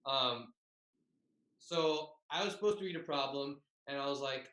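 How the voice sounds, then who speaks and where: A man's voice: mid-range voice, a little slow, sharp tone, reverberant, poor audio. A young man and comedian telling a tag-team story in a loose, profane, self-mocking way over a video call. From Bay Area, California.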